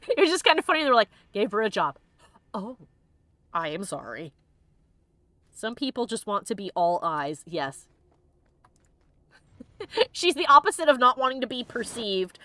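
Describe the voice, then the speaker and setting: A woman's voice: a little high, fairly bright tone, no echo. A woman streamer giving casual gameplay commentary, bubbly and joking, laughing often and acting out the characters' lines. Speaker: let's play streamer.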